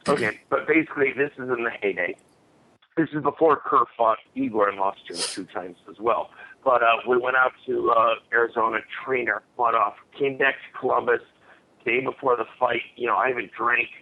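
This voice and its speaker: A man's voice: medium pitch, steady tone, moderate pace. A man in his forties, a guest telling old fight stories in a blunt, rambling way, swearing freely. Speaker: podcast guest, former fighter. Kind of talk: storytelling in a casual interview. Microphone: phone line. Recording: tinny phone line, faint hiss.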